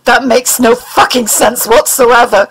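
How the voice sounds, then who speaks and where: A woman voicing a tormented male captive who swears, shouts and wheezes in pain in an audiobook. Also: a little high, steady tone, moderate pace, lightly acted, rough recording. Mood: furious. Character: tormented captive man, furious and desperate.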